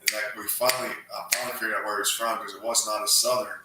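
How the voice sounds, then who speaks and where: A man's voice: lowish voice, little pitch movement, fast. A man hosting an interview, telling stories and asking his guest friendly questions in a casual chat. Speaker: host and interviewer. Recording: very echoey room, distant mic, faint noise.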